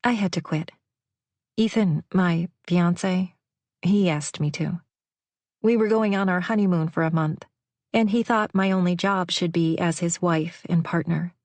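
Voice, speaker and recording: A woman's voice: lowish voice, unhurried, a little mellow, dry recording. A woman voicing a polite, earnest young woman who speaks shyly. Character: young woman, polite, shy, runaway bride.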